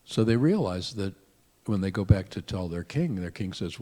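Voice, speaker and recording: A man, a rabbi, giving a conversational storytelling sermon with lively asides. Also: low voice, a little slow. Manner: conversational, animated retelling with asides.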